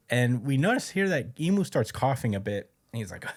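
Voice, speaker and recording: Dude hosting a podcast, recapping a comic chapter, swears a lot, laid back, chuckles here and there. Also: male voice, mid-range voice, sing-song, brisk, hardly any pauses. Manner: loose and profane, chuckles while recapping. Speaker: podcast host. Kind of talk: casual chat recapping a manga chapter.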